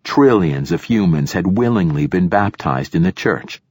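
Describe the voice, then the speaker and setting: A man reading a first-person novel aloud as an audiobook narrator, in a dry, measured way. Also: sits low, animated, darkish tone, breathy edge, no echo.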